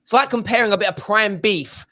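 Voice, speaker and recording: A man hosting a casual football chat show, telling stories with lively energy and mimicking voices. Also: sits high, fairly quick, dry recording. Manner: animated storytelling, mimics his kids. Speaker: show host.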